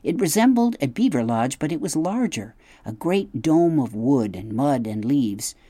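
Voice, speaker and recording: A narrator reading a children's story aloud in a gentle, steady storytelling manner. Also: mid-range voice, unhurried, dry recording. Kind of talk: audiobook narration.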